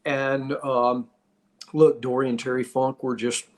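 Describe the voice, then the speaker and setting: In a darkish mid-range voice, flat in delivery and measured in pace, a middle-aged podcast host recounts wrestling stories. He is a former pro wrestler, and his casual, rambling storytelling is full of restarts.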